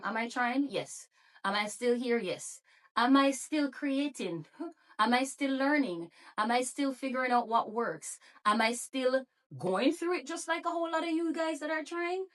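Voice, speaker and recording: A woman's voice: a little high, recorded from a distance. A woman with a Jamaican accent, a YouTube creator and therapist, talking in a casual motivational vlog and encouraging viewers with many rhetorical questions.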